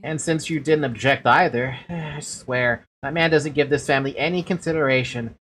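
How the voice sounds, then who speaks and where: Woman putting on a tired mom voice, low and grumbly, apologetic. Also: moderate pace, fairly bright tone, slight background noise. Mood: weary. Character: weary, complaining middle-aged mother. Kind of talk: reading game dialogue aloud.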